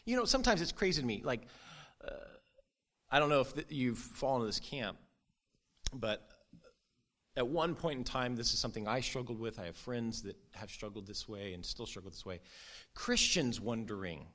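A male pastor delivering a sermon at a medium pitch. He talks earnestly and conversationally, lifting his voice for emphasis. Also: expressive, moderate pace, a bit bright. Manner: earnest, conversational preaching with sudden rises in emphasis.

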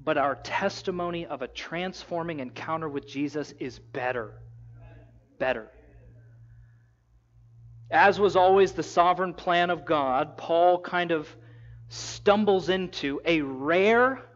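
A man preaching a sermon, retelling a story with lively, casual acted-out quotes. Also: fairly high pitch, a little slow, highs cut off. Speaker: pastor.

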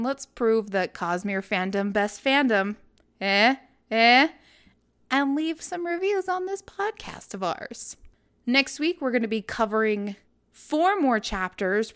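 A woman's voice: on the high side, animated, a little slow. A woman hosting a podcast, talking casually and playfully as she wraps up an episode. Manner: playful, retells jokes with quoted voices. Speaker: podcast host.

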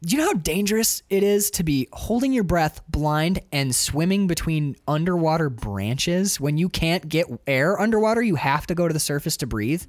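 Animated man retelling a film. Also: fairly high pitch, moderate pace, hardly any pauses, no room sound. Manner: animated, acts out characters in quotes. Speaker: podcast co-host. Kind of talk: casual film discussion.

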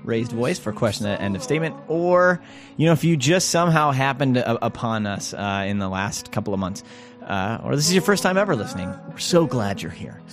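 Lively, rambling male podcast co-host. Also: mid-range voice, a little fast, faint music behind. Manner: rambling storyteller with laughs and fillers. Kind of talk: casual chat.

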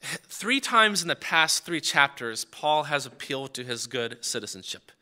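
A man's voice: medium pitch, sing-song, unhurried, sharp tone. A man preaching a sermon on a Bible passage in a conversational way, often stumbling over his words and restarting. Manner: conversational, frequent stammered restarts.

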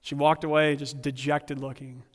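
Man pastor with a high voice, preaching earnestly and telling funny personal stories; long hall reverb. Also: level tone, normal speed. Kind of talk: sermon.

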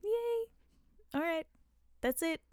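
A woman's voice: very high voice, animated, slow pace, darkish tone, no echo, studio quality. A woman in her twenties co-hosting a casual podcast, chatty and full of "like". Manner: chatty, lots of "like". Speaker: podcast co-host. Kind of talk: casual chat.

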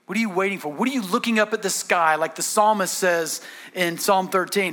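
A man's voice: high-pitched, moderate pace, a bit bright. A man preaching a sermon, telling stories in a conversational way with frequent restarts. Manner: conversational storytelling with many restarts. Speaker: pastor.

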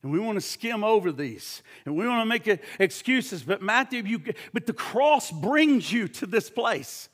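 A man's voice: high-pitched, sing-song, moderate pace, hardly any pauses. A man preaching a sermon, emphatic and pressing, stumbling over repeated words and firing rhetorical questions at his listeners. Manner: shouts at points.

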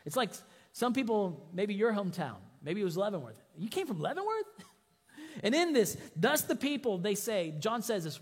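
A man preaching a sermon, animated, his voice rising for emphasis and dropping low at the ends of phrases. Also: long reverb tail. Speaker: pastor.

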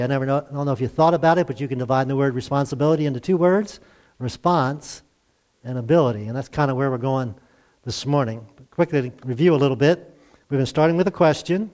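A man's voice: a little high, a little mellow. An older man, a pastor, preaching a conversational sermon to a congregation and asking them to respond. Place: church service.

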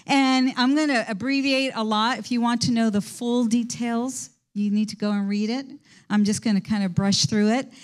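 Woman preacher, higher voice, casual animated storyteller in a sermon.

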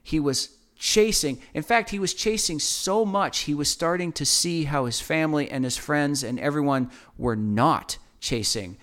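Male guest storyteller, passionate testimony, somewhat higher voice. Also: unhurried, few pauses. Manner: passionate, animated, repeats words.

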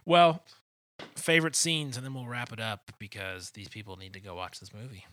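A man's voice: steady tone, moderate pace, fairly bright tone, no room sound. A man co-hosting a casual movie chat, laughing often and breaking into quotes. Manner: laughs often, acts out movie quotes in high silly voices. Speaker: podcast co-host.

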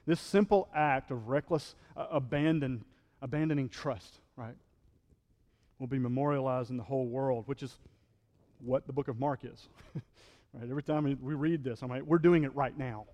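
A man's voice: mid-range voice, normal speed, mellow, in a large hall. A male pastor preaching a sermon in a conversational style, acting out quotes and building to fervent peaks.

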